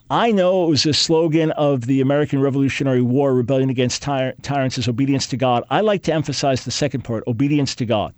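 A man's voice: a little high, darkish tone, no room sound. A man hosting a talk radio show, teaching in an emphatic, preacherly way and repeating key phrases for weight.

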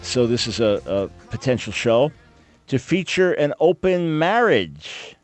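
A man's voice: mid-range voice, very animated, unhurried, dry recording, soft background music. A man hosting a radio talk show, preaching fervently and emphatically, often repeating his phrases.

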